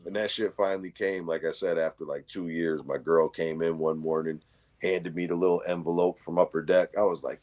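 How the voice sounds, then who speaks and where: A man's voice: low-pitched, fairly even intonation, brisk, a little mellow. A man in casual chat, telling a story with slang and swearing. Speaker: livestream co-host.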